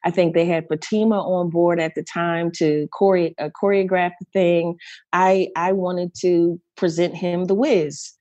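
A woman's voice: lowish voice, fairly even intonation, unhurried, warm tone, no room sound, highs cut off. A middle-aged woman, a guest performer, telling a story candidly in an interview, emotional and often repeating and restarting phrases.

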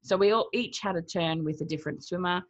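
A woman's voice: fairly low pitch, quick pace, no echo. A woman, a cold-water swimmer, retelling her experience in a casual interview, acting out what people said to her. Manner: lively retelling, acts out quotes, laughs between thoughts. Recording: dull lo-fi, dry sound.

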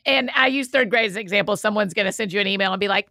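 A woman with a lilt explains her ideas with eager enthusiasm in a relaxed podcast chat. Her voice is bright and sits a touch high, with a gravelly fry at the ends of phrases. The sound is close and dry. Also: rapid-fire, dry recording. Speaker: guest author. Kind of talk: casual podcast conversation.

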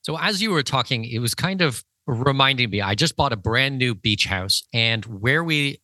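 Male podcast host, bright tone, dry close recording, casual anecdote-led questioner. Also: mid-range voice, expressive, moderate pace, no room sound. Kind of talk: conversational interview.

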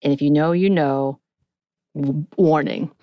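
A woman hosting a podcast, retelling a TV episode in a chatty, animated way and acting out bits of dialogue. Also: sits low, a little slow, no room sound, muffled recording. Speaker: podcast host. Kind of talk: casual episode recap.

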